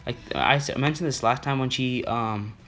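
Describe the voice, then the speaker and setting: A young man tells a long school story in a casual vlog. His delivery rambles, full of filler words and restarts, at an average pitch for a man. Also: moderate pace, fairly bright tone, slight background noise. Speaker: student telling a school story.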